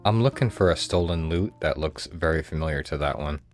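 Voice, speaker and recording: A man's voice: extremely low pitch, a little fast. An American man casually commentating his role-playing game session with joking, irreverent remarks. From United States. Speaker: gaming streamer. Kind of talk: casual let's-play commentary. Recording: voice over game audio with music.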